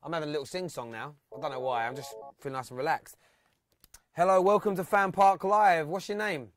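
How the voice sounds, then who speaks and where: A man's voice: fairly high pitch, brisk, no echo. A man hosting a live football phone-in, chatting with callers and reading out fan comments and stats.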